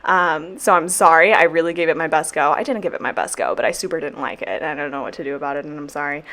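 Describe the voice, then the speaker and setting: A woman's voice: low-pitched, fast, fairly bright tone. A young woman talking casually through her weekly planner, rambling, swearing freely and joking apologies as she goes. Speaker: planner vlogger and teacher. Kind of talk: casual chat while sticker planning.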